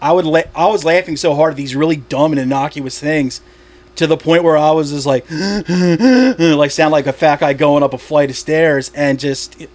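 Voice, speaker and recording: A man's voice: on the high side, steady tone, fairly quick, darkish tone. A man, a stand-up comic from Delaware, chatting on a podcast in a rambling way, laughing at his own jokes and swearing casually.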